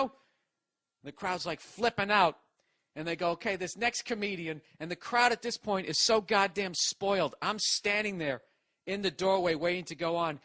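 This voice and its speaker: A man with a Boston accent telling a long story on his podcast, rambling and swearing, growing animated as he goes. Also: on the high side, no room sound, clean studio sound. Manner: profane, animated, rambling with restarts. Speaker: podcast host. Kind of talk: storytelling monologue.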